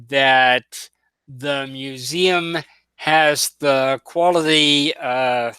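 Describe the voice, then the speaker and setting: A man playing a tabletop game, thinking aloud haltingly with many pauses. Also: mid-range voice, pushed and bright, clean tone, dry recording. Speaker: player.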